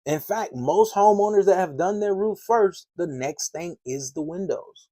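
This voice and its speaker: With a high-sitting, mellow, expressive voice at a measured pace, a man runs an animated door-to-door sales training, casual and slangy, acting out doorstep chats. There's no room sound.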